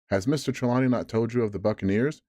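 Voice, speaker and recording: A man's voice: medium pitch, quick pace, darkish tone, dry recording, studio quality, voice pushed up, lightly acted. A man voicing an earnest, polite young cabin boy in a bedtime story reading.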